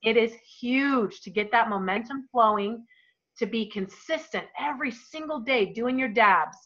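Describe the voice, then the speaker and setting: A woman's voice: a little high, unhurried, fairly bright tone. A woman in her thirties leading a team call, giving an emphatic, emotional motivational talk. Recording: dull lo-fi call audio.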